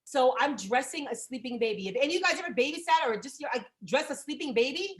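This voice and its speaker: Brash, profane high-voiced woman comic. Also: animated, quick pace. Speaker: stand-up comedian. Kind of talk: stand-up storytelling set on a video call. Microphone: video call.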